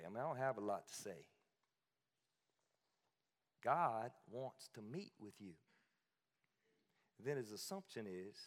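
A man's voice: medium pitch, in a large hall. A male pastor preaching a sermon in a conversational, emphatic way, with asides and repeated phrases.

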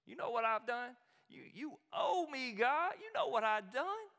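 A man's voice: very high-pitched, big pitch swings, unhurried, gravelly, sharp tone, in a large hall, voice pushed up, full character voice. A preacher acting out a self-pitying male prophet who complains with aggrieved self-righteousness. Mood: indignant.

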